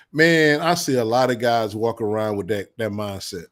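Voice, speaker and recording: This vlogger's voice is fairly low, animated and a bit bright, at a moderate pace. Lecturing in a casual advice monologue, he stays blunt and preachy, leans on slang, and keeps repeating insults while breaking into laughter.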